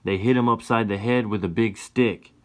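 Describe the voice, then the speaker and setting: Male reader doing a young frontier woman, pitched up, earnest and loud. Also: steady tone, moderate pace, natural voice. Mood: urgent.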